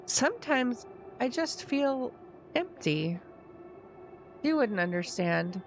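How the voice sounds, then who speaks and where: A woman's voice: on the high side, big pitch swings, takes it slowly, faint music behind, exaggerated voice. A woman streamer reading the lines of a bitter, sarcastic boy from a story game, blunt and slangy. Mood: glum. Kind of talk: game dialogue read aloud.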